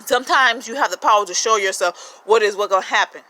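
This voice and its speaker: A woman's voice: mid-range voice, fast, pushed and bright, rough recording. A woman giving a rambling, profane spiritual monologue, firing off rhetorical questions with emphatic energy. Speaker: spiritual vlogger.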